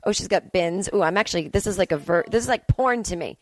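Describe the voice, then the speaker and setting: Chatty low-voiced woman giving movie commentary. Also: animated, quick pace, no echo. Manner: chatty and playful, gushing exclamations. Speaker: vlogger. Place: family home indoors.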